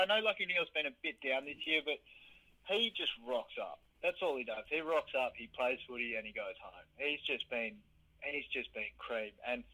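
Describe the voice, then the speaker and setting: A man co-hosting a podcast, giving relaxed, opinionated takes in casual sports banter. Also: medium pitch, poor audio. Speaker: podcast co-host. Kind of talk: casual chat.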